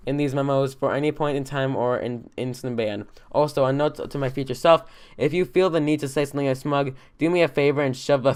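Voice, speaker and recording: A man's voice: mid-range voice, clear, resonant tone, lightly acted. A man voicing an irritable, bossy young male troll leader in a fan dub, ranting and rambling in exasperation.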